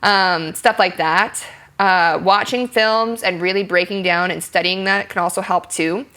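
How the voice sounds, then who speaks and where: Bright-voiced woman explaining acting. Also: lowish voice, fairly even intonation, measured pace. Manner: chatty, explains with acted-out example lines; frequent ums and likes. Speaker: actress, interview guest. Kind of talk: candid interview conversation.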